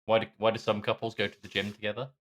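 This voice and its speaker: A man's voice: lowish voice, little pitch movement, racing. A British man co-hosting a podcast in casual chat, with laconic, dry reactions. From Britain. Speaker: podcast co-host.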